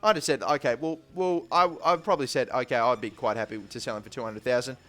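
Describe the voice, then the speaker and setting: A young man giving casual, rambling let's-play commentary on a football video game, getting excited during the action. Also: medium pitch, fast. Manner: rambling, repeats "but still" and "to be completely honest"; gets excited calling match action. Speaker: gaming YouTuber.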